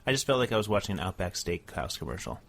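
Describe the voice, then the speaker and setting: Animated sidekick man on radio. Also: deep voice, fast, vocal fry. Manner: brief responses and laughs. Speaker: co-host. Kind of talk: casual radio banter.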